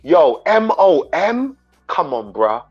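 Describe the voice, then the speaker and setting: Lively storyteller, lo-fi stream audio. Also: male voice, a little high, takes it slowly, slightly rough. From England. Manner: animated storyteller, mimics voices, laughs often. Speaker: host. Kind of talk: casual chat on a livestream. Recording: dull lo-fi stream audio with faint music.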